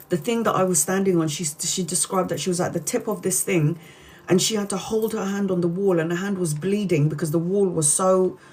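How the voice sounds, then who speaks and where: Earnest woman retelling a story. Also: on the low side. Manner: earnest, animated retelling with many restarts. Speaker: tarot reader retelling a book. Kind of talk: emotional live-stream storytelling.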